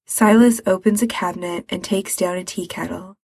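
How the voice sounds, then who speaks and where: A woman reading a story aloud as narrator, in an even, measured manner. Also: fairly low pitch, breathy edge, no room sound. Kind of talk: reading fan fiction aloud.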